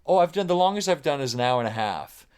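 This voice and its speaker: A man's voice: on the high side, lively intonation, fast, a little mellow, clean tone. A middle-aged man chatting as a podcast guest, rambling and cursing freely while telling self-deprecating stories. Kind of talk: casual chat.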